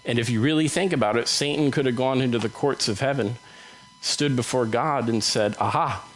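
A man delivering a sermon in a relaxed, conversational manner, at an ordinary middle pitch. He talks the scripture through plainly and briefly voices the people in it. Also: poor audio. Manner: conversational, acts out Bible dialogue in quick voices. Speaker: preacher.

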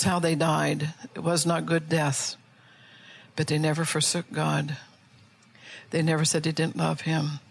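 A woman's voice: deep voice, vocal fry, slightly rough. A middle-aged woman pastor preaching earnestly, asking her listeners rhetorical questions. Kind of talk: sermon.

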